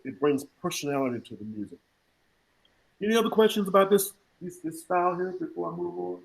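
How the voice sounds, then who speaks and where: A man teaching jazz articulation in an online clinic, breaking into scat syllables to demonstrate rhythms in a lively, humorous way over a video call. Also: fairly high pitch, fairly quick, rough recording. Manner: scat-sings rhythm examples between explanations. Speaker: jazz music educator. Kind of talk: online music clinic lecture.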